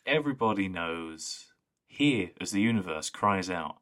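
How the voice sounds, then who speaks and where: Deep-voiced guy rambling on a podcast, lots of likes. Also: animated, unhurried, fairly bright tone. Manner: rambling, enthusiastic, full of "like" fillers. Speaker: podcast co-host. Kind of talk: casual chat.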